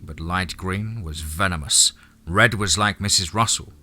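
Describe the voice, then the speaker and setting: A man's voice: low-pitched, a little slow, sharp tone. A man reading an audiobook as narrator, telling the story steadily. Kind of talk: scripted narration.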